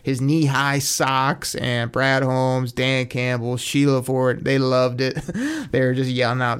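A man's voice: mid-range voice, flat delivery, unhurried, clean tone. A man hosting a casual sports talk show, enthusiastic and rambling, with frequent restarts. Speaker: sports podcast host.

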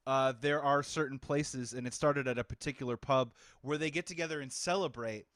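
A man's voice: medium pitch, a little fast, a bit bright, dry recording, clean studio sound. A man hosting a casual movie podcast, upbeat and often laughing, stretching words out for emphasis. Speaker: podcast host.

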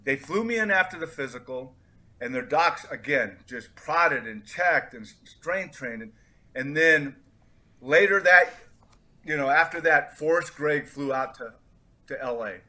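Bright-voiced man telling stories. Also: on the high side, a little slow. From California. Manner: animated storyteller, acts out quoted voices. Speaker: interview guest, former football player. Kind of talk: storytelling in a podcast interview.

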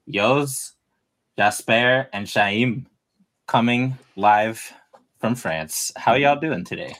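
A man with a New York accent hosting a casual podcast, relaxed and chatty, laughing easily with his guests. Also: fairly low pitch. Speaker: podcast host.

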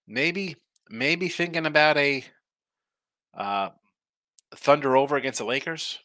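A man's voice: mid-range voice, bright, forceful tone, no echo. A man hosting a casual sports betting picks show, talking in a rambling, trailing-off way while sleepy and yawning.

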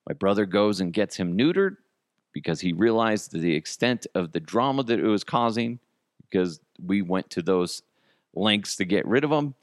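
A man's voice: deep voice, no room sound, clean studio sound. A man hosting a podcast and telling stories in a casual, joking, self-deprecating way. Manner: animated, jokey, self-deprecating. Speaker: podcast host. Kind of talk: casual storytelling monologue.

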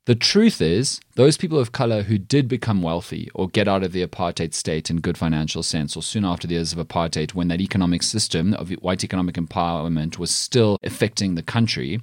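A man's voice: low-pitched, no room sound, clean studio sound. A man with a South African accent hosting a comedic news commentary show, talking in an emphatic, indignant way. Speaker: host.

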